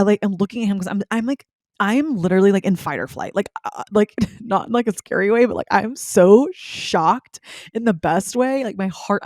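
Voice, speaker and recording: A young woman hosting a podcast, telling a story in a chatty, animated way with lots of fillers. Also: mid-range voice, no room sound, clean studio sound. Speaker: podcast host. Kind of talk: casual storytelling.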